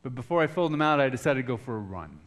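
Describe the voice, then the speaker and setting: A middle-aged pastor telling a personal story in a sermon, swinging from hushed, soft passages to loud shouting. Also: male voice, medium pitch, expressive, racing.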